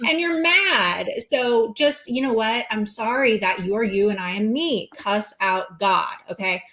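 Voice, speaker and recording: Young woman, livestreamer, defiant, sarcastic, swearing, mid-pitch voice. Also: measured pace. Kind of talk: heated livestream rant.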